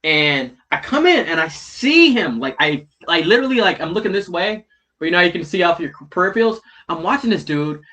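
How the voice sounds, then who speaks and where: A man with a bright, slightly high voice telling a story in casual chat. He swears freely and keeps checking in with "right?" and "bro". His voice swings from loud, heated retelling to low muttered asides. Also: big pitch swings, brisk. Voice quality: heavy swearing, slangy, repeats "right?" and "bro".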